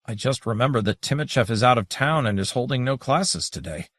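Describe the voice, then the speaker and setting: A sly, foxlike man who pleads and mutters in wonder, as a man plays him. The voice has a lively lilt. It is a dry, close reading. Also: medium pitch, a little fast, dry recording. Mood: pleading.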